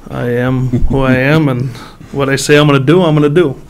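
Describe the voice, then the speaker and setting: A man's voice: medium pitch, fairly even intonation, a little fast, a little hiss or hum. A man running for sheriff, giving a down-to-earth, humble closing statement. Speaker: sheriff candidate. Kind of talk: plain-spoken closing statement. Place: public meeting hall.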